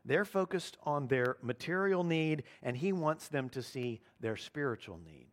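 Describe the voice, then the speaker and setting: A man preaching a sermon as pastor, earnest, slowing down to stress key lines. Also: a little high, lively intonation. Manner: earnest preaching, slows down for emphasis.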